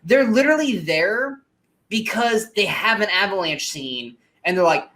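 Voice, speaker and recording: A man's voice: high-pitched, lively intonation, unhurried, sharp tone. A man co-hosting a movie podcast, ranting emphatically and swearing in casual review chat.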